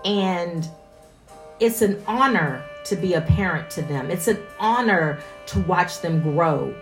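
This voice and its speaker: Slow, earnest woman in her forties. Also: on the low side, animated, soft background music. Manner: earnest, emphatic repetition. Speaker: mother sharing reflections. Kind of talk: personal reflective monologue.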